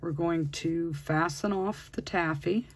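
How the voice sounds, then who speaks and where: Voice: medium pitch, slow, background noise. A crochet instructor talking through a project step by step, patiently counting stitches aloud while working. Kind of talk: step-by-step crafting tutorial.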